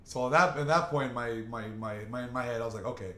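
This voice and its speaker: Here a young male podcast host rambles and swears through a long story with friends, often breaking off to start sentences again. He speaks fast in a medium-pitched, slightly bright voice, with faint ambience, echo, and a little hiss or hum in the recording.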